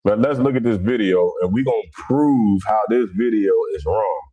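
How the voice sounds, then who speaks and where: A middle-aged man from Cincinnati, hosting a casual livestream. His talk is blunt, animated and rough around the edges. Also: lowish voice, normal speed, no echo. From Cincinnati, USA. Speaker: livestream host.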